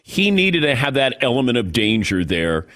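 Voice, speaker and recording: A man hosting a sports radio show, chatting conversationally with his guest. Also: moderate pace. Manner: conversational, lively pitch swings.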